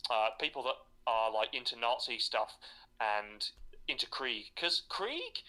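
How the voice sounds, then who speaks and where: A man's voice: mid-range voice, animated, measured pace, pushed and bright, poor audio. A man co-hosting a live stream, talking at length in a loose, rambling way with many restarts. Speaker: co-host. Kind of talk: casual chat.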